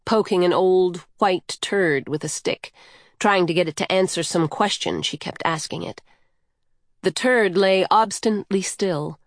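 A woman reading a novel aloud in measured, even storytelling. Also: on the low side, no echo, clean studio sound. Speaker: audiobook narrator. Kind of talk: scripted narration.

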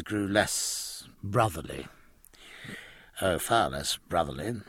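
A man reading a novel aloud in expressive, measured scripted narration. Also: mid-range voice, breathy edge, no room sound, clean studio sound. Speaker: audiobook narrator.

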